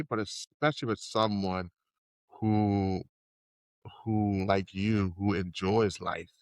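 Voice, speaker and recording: Young guy cohost, low voice, dry mic, heartfelt and a bit sweary. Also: fairly even intonation, takes it slowly, dry recording. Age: young adult. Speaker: podcast co-host. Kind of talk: casual chat.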